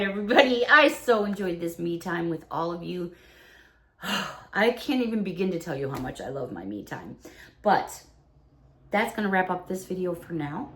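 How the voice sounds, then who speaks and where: A woman's voice: medium pitch, pushed and bright. A middle-aged woman vlogger chatting casually and cheerfully as she unboxes a haul, exclaiming over each item.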